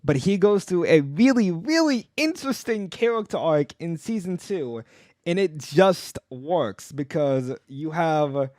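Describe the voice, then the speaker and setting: A man's voice: on the high side, darkish tone, dry recording, studio quality. A young man co-hosting a casual podcast, talking with enthusiasm, rambling through restarts and fillers. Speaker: podcast co-host.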